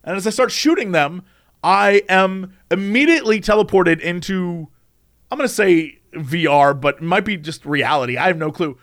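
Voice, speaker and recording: A man in casual conversation, recounting a strange recurring dream with lively delivery and frequent laughs. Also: high-pitched, normal speed. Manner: animated, acts out quoted voices, laughs often. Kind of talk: casual storytelling chat.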